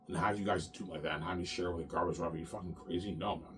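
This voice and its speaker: Man with a very low voice, agitated and profane, in a rambling monologue that loops back on itself. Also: steady tone, racing, music in the background. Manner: agitated, profane, repetitive, ends phrases with "man".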